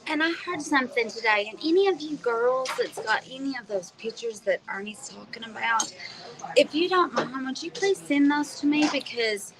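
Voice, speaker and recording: A woman's voice: high-pitched, normal speed, crowd noise, low-quality recording. A woman chatting casually with her husband on a livestream, teasing and using many ums. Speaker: co-host, the vlogger's wife. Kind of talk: casual chat. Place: restaurant.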